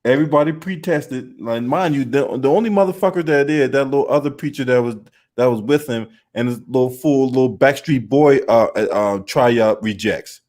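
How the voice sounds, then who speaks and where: A man's voice: mid-range voice, normal speed, a little mellow. A man hosting a casual commentary chat in a blunt, profane and indignant way. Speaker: host.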